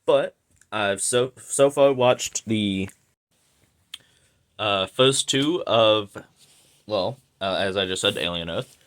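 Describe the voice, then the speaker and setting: A man with a hoarse, slightly sick voice, rambling through a casual video review with lots of fillers and slang. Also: lowish voice, takes it slowly, long pauses, a bit bright. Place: indoors at home.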